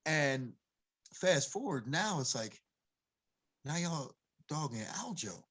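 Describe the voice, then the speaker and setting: A man with a fairly high voice that swings up and down as he gets fired up, talking as an MMA coach guesting on a podcast. He argues with heat and emphasis and breaks into laughter. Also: big pitch swings, takes it slowly, fairly bright tone. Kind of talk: casual podcast chat.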